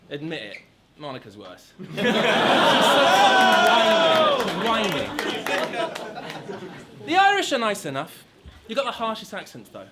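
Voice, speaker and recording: A man's voice: high-pitched, wildly swooping pitch, normal speed, pauses often, heavy background noise. A young man from London with a London accent, delivering a mocking rap battle verse full of punchlines in front of a live audience. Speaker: battle rapper. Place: large hall with a live crowd. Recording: loud crowd cheering and laughing.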